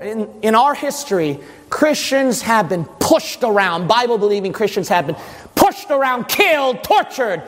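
A male preacher gives an impassioned sermon in a church hall. He tells the story dramatically in a very high, lively voice. Every phrase rings out in a long hall reverb. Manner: dramatic storytelling, rising into shouting.

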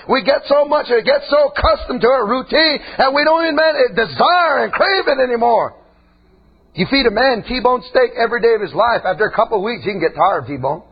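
A man preaching an impassioned sermon in a church, often breaking into shouts. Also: extremely high pitch, animated, brisk, slightly rough. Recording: dull lo-fi recording.

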